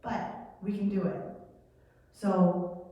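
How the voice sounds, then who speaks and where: A woman teaching a children's Sunday lesson, telling a Bible story in a chatty, animated way. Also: medium pitch, takes it slowly. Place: church hall. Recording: echoey hall from far off.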